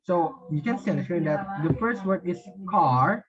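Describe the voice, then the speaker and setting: A man teaching English pronunciation, reading word lists one by one and explaining with halting, repeated phrases and fillers. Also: high voice, animated, a crowd in the background. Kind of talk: slow word-list drill and explanation. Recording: dull lo-fi voice recording.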